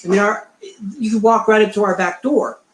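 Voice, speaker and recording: Speaking fairly quickly in a high voice, a middle-aged man who researches Bigfoot is interviewed as a guest. He rambles through a story, performing the quoted dialogue, in an echoey room with a little hiss or hum.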